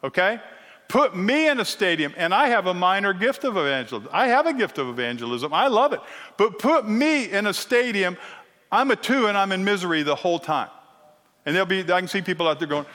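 A middle-aged man teaching a sermon-style lesson, animated and teasing, often checking in with the crowd. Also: high-pitched, brisk. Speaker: Bible teacher. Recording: long reverb of a large hall.

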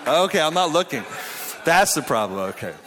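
A man's voice: on the high side, sing-song, moderate pace, fairly bright tone, a faint crowd. A pastor in his thirties from Canada, preaching a sermon in a chatty, self-deprecating storytelling way with frequent restarts. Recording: hall reverb from a live venue.

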